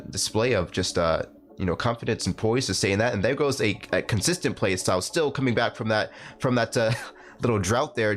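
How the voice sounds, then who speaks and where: A man announcing a live online game tournament, talking in a rambling, halting way with lots of fillers and restarts. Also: fairly low pitch. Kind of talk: live esports commentary.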